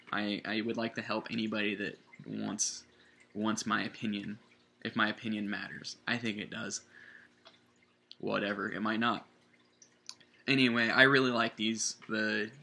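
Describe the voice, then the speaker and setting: A man's voice: fairly low pitch, vocal fry, bright, forceful tone. A man rambling casually through a product review, correcting himself often and circling back to his points. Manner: rambling, self-correcting, chatty. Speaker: vape juice reviewer.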